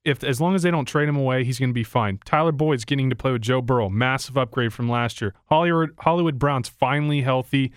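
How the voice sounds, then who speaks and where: A man co-hosting a casual sports podcast, talking through his view in halting, restarting sentences. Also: medium pitch, clean tone, no echo, studio quality. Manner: halting, restarts mid-thought. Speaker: podcast co-host.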